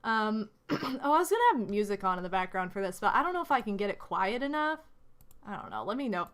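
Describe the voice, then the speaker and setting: A young woman streamer chatting casually with her viewers, gushing and excitable, full of restarts and fillers. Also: medium pitch, fast talker.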